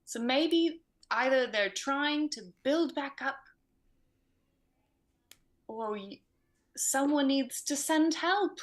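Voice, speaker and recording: A woman plays her character in a tabletop game, speaking slowly and genteelly. Her voice sits a little high. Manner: slow, genteel in-character speech. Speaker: player.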